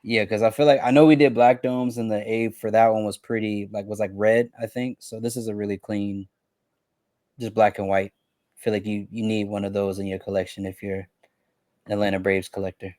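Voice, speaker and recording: Relaxed low-voiced man co-hosting. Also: brisk, no room sound, clean studio sound. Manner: relaxed, agreeable, adds short comments. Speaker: co-host. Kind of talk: casual product recap chat.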